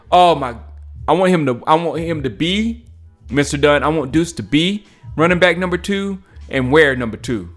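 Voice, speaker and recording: An excitable man hosting a casual livestream, his voice sitting a little high and swinging widely in pitch as he talks over clips. He laughs often between his comments, with faint music underneath. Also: normal speed. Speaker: sports livestream host.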